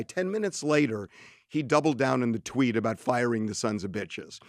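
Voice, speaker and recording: A man's voice: medium pitch, moderate pace, no echo, clean studio sound. A middle-aged man co-hosting a podcast, telling an anecdote in a casual conversational way and quoting what others said to him. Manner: animated anecdote, quotes others in his own voice. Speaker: podcast co-host telling a story.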